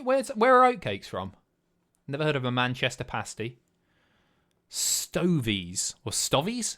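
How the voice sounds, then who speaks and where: A man's voice: mid-range voice, pushed and bright. A man hosting a live stream, chatting casually, swearing and guessing aloud as he reads chat. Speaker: streamer host.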